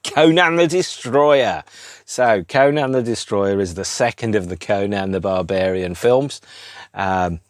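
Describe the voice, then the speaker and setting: A man's voice: low-pitched, a little slow, darkish tone, no room sound, clean studio sound. A middle-aged man, rambling through an unscripted solo podcast in a wry, self-deprecating way. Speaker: podcast host.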